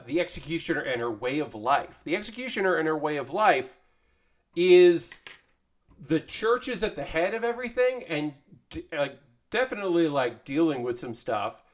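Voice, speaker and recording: A man hosting a casual live stream, chatting in a rambling way with many fillers while he assembles a model kit. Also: medium pitch. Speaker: streamer building model kits.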